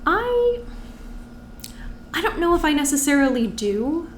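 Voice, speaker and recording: A woman's voice: high-pitched, a little slow. A woman stand-up comedian, a podcast guest, talking casually and animatedly about comedy. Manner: animated, acts out other comics' cadences. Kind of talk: casual conversation. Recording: roomy with faint noise.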